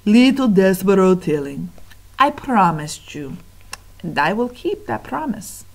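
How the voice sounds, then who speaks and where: A woman voicing a sly, scheming male rat who gloats in a slow, low murmur. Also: big pitch swings. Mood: wheedling.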